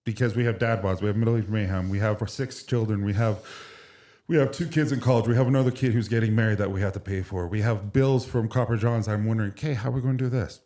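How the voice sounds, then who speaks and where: A man's voice: on the low side, steady tone, fast, warm tone. Candid man telling a heartfelt story. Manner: candid, emotional storytelling with many restarts. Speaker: podcast guest, brand co-founder. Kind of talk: casual chat.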